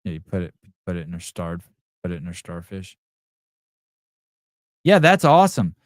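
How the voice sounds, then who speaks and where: A middle-aged man talks off the cuff on his podcast, profane and rambling, answering chat messages as they come in. His voice sits low, and the sound is dry and close with no room in it. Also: flat delivery, fast talker, mellow, dry recording. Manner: profane, rambling, reads chat comments aloud. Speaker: podcast host. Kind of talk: crude off-the-cuff livestream chat.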